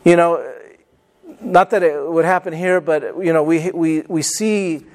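A man's voice: fairly high pitch, measured pace, a little mellow. A middle-aged male pastor preaching a sermon, emphatic, repeating key phrases and calling for amens from the congregation.

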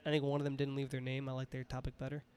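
Fast-talking New man, joking podcast co-host. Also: mid-range voice, clear, resonant tone. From New York. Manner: joking, animated, swearing. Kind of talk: casual chat.

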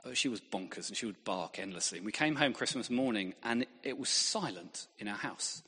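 A man preaches with a husky voice that swings up and down with lively pitch. He tells stories and jokes at his own expense. His words ring out with a long reverb from a big hall. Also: fairly quick. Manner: lively, self-deprecating humour. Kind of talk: sermon with anecdotes.

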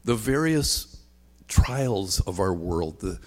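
A man's voice: low-pitched, expressive, slow. A man preaching a sermon as a pastor, talking conversationally with frequent ums and a repeated refrain. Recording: long hall reverb.

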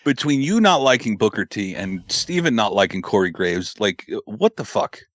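A man's voice: lowish voice, big pitch swings, moderate pace, dry recording. A man co-hosting a wrestling podcast in casual chat, cracking jokes and swearing offhandedly. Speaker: podcast co-host.

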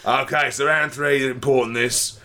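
A man's voice: medium pitch, steady tone, moderate pace, pushed and bright, a little hiss or hum. A man hosting a comedy show, leading crude improv games with playful, bawdy banter. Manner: crude, playful, putting on mock Cockney lines. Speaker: podcast host.

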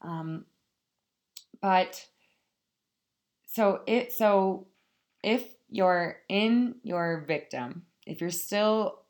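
A woman's voice: medium pitch, extremely slow, pauses often. A woman giving a casual motivational talk, speaking frankly and swearing freely as she addresses her listeners directly. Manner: frank, profane, addresses listeners as "you guys".

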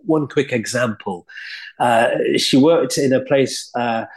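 A clergyman from Leeds with a Yorkshire accent, telling stories from his own life in a relaxed, reflective way with frequent pauses. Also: medium pitch. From Leeds, England. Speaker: guest, clergyman. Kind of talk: conversational storytelling.

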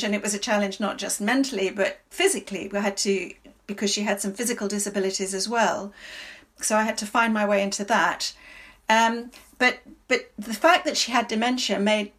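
A stage actress answering interview questions in a thoughtful, halting way, often restarting her sentences. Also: medium pitch, fairly even intonation, fairly bright tone.

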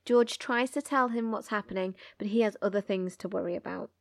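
A woman's voice: mid-range voice, fairly quick, creaky, no room sound, clean studio sound. A woman co-hosting a book podcast, recapping chapters and reading passages aloud with character voices. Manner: reads dialogue in character voices.

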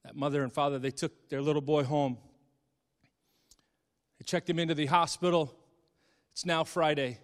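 A middle-aged man telling an emotional story from the pulpit, moving between hushed and impassioned delivery. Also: a little high, fairly even intonation, normal speed, long pauses, long reverb tail. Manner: dramatic, swings from hushed to impassioned. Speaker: speaker.

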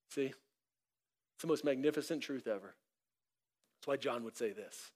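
A man, a pastor, preaching a sermon in an animated way, with many restarts and acted-out bits of dialogue. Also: medium pitch, a little slow, long pauses.

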